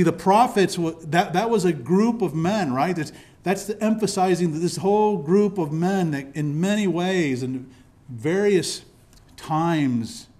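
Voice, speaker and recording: Man preaching with halting restarts. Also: on the high side, darkish tone. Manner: teaching with frequent restarts and repeated words. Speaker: pastor. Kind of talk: sermon. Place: church sanctuary.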